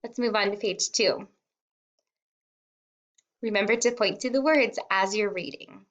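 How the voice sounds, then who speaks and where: A woman kindergarten teacher reading a simple storybook aloud word by word, sounding out and repeating words and gently encouraging young children to follow along. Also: mid-range voice, unhurried. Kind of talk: slow read-along lesson for young children.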